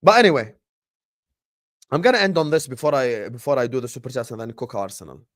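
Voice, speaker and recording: A young man hosting a casual football livestream, animated and teasing, swinging between loud bursts and hushed asides. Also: mid-range voice, fast talker, dry recording, clean studio sound. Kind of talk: casual fan livestream rant.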